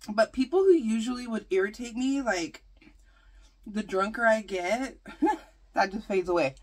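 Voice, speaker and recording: A woman vlogger chatting through a storytime while eating, animated and full of fillers. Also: on the high side, unhurried. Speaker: mukbang vlogger.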